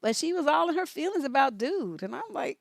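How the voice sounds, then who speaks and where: A woman's voice: sits high, big pitch swings, brisk, creaky, no echo, studio quality. A woman relationship coach on a livestream, blunt, profane and scolding as she answers listener questions and reads their letters with asides. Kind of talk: livestream advice talk.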